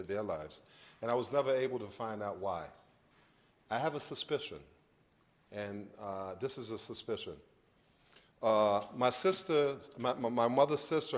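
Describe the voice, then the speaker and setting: A middle-aged man from Brooklyn, giving a lecture about his life in a conversational, halting way with frequent restarts. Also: on the low side. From Brooklyn, New York. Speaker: guest lecturer. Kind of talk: personal storytelling lecture.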